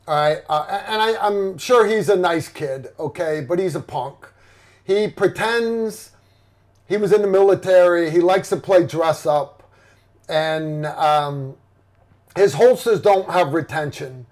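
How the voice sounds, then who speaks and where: A man's voice: high-pitched, takes it slowly, darkish tone. Rambling, blunt man host. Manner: rambling, blunt, profane, many fillers and restarts. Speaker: livestream host. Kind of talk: casual livestream chat.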